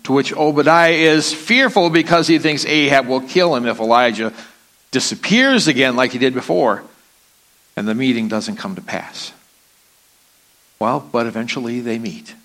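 A man's voice: mid-range voice, moderate pace, fairly bright tone. A man preaching a sermon, reading scripture aloud with dramatic rises and falls.

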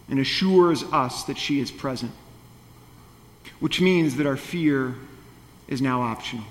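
A man's voice: on the high side, big-room sound. A male pastor delivering a sermon in a conversational, playful way, with wry asides.

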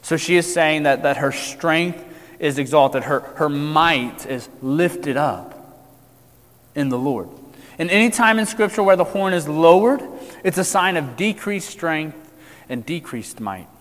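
A man preaches in an earnest, emphatic manner with a somewhat high voice. His phrases swell loud and then sink low and quiet. The sound carries the long reverb of a large hall. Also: expressive, unhurried. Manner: earnest, emphatic with wide swings in loudness. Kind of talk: sermon.

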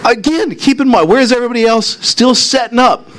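A man preaching a sermon, telling a story with animated, rising excitement before settling into prayer. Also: extremely high pitch, brisk, slight background noise. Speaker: pastor.

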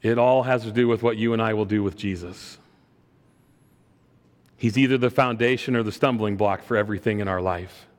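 A middle-aged pastor with a voice on the low side preaches briskly in a church sanctuary. Sincere in tone, he weaves a personal story into the sermon, often repeating words as each phrase begins, all under a long hall reverb.

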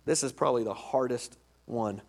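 A man's voice: mid-range voice, moderate pace, vocal fry, a little mellow. A man preaching a sermon as pastor, emphatic and conversational, often repeating his points. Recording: long reverb of a large hall.

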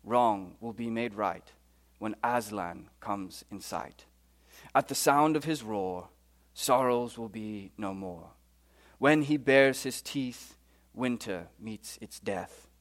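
A man reading aloud and voicing a kindly male talking beaver in a put-on British accent, speaking softly. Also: fairly low pitch, takes it slowly, pitched below the performer's own voice. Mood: hushed earnest. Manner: hushed, storybook reading aloud.

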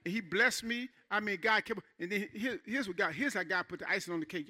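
A man preaching a sermon in church as pastor, animated and conversational, checking in with the congregation and dropping to a hush for asides. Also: sits high, fairly quick, few pauses.

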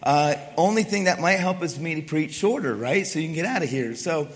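A hoarse middle-aged man preaches in a raspy voice that sits a bit high for a man. He talks in a loose, joking way, and his words ring out with a long reverb, as in a large church hall. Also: animated, brisk. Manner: chatty and self-deprecating, then hushed in prayer. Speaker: pastor; wrestling coach. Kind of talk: sermon. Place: church sanctuary.

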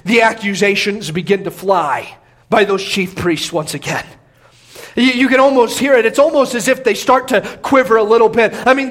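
A man with a strikingly high voice preaches through a passage, pressing his points with emphasis. He doubles up words as he goes and now and then lifts into a near shout. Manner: emphatic preaching, repeats words, bursts of raised voice. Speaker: pastor. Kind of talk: expository sermon.

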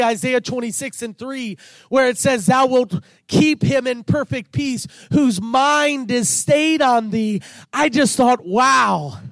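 Male pastor with a very high voice, preaching a slow, fervent sermon that swells into shouts. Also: no echo.

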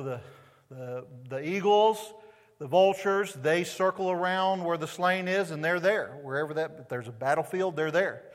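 Conversational pastor preaching in a reverberant hall. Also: male voice, fairly high pitch. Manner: conversational preaching with rhetorical questions to the congregation. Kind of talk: sermon. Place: church sanctuary.

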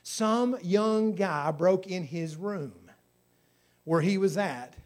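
A man's voice: sits high, expressive, slow pace, darkish tone. A man preaching a sermon, emphatic, with surges in volume on key phrases as he tells stories. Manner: storytelling preacher.

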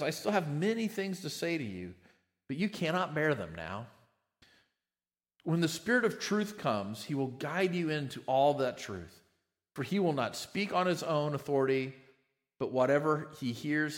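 A man preaching a sermon with emphasis, often repeating words as he starts a phrase. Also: high voice. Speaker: pastor.

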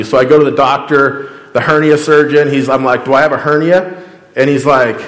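A man's voice: on the high side, steady tone, moderate pace, roomy sound, big-room sound. A man, a pastor, giving a casual storytelling sermon, chatty and full of acted-out dialogue. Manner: conversational, acts out quoted dialogue, frequent "like".

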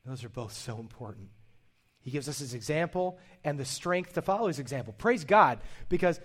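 A man's voice: mid-range voice, lively intonation, a little fast. A man delivers a sermon to his congregation. He talks in an earnest, conversational way, often restarting a phrase before pressing on. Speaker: pastor.

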